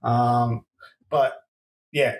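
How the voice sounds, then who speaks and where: A man's voice: mid-range voice, little pitch movement, very slow, recorded from a distance. A man co-hosting a podcast, easygoing and agreeable, often stumbling through fillers. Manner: laid-back, agreeable, fumbling with fillers. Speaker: podcast co-host. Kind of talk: casual comedic podcast banter.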